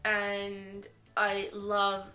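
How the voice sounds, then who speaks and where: A woman's voice: medium pitch, monotone, extremely slow, sharp tone. A young Canadian woman with an accent partly mixed with British English, chatting casually and rambling to the camera as she introduces herself. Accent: Canadian with some British English mixed in. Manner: chatty, rambling, self-mocking. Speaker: vlogger.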